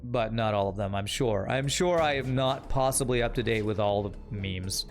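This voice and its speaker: A man's voice: lowish voice, moderate pace, soft background music. A young man streaming a game, casually commenting on play and teasing his chat in a wry way. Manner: wry, teasing, talks to chat while playing.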